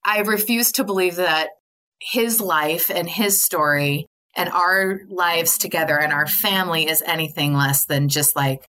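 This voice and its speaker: Woman, podcast guest, bright forceful tone, slightly low pitch, earnest storyteller, laughs easily. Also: a little slow. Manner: earnest, filler-heavy with frequent likes and you knows; laughs often while telling stories. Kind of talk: candid conversational storytelling.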